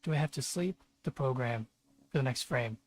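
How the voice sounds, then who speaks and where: A man livestreams his coding session and vents in a husky, mid-pitched voice. His commentary comes as frustrated rants, heavy with swearing. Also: normal speed. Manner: frustrated, profane ranting. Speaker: streamer programmer. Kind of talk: live coding stream commentary.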